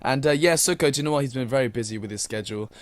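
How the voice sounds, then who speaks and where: A man's voice: medium pitch, rapid-fire. A young British man as a radio DJ, reading listener messages in a polite, casual way with many fillers. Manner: polite, filler-heavy, many thank-yous.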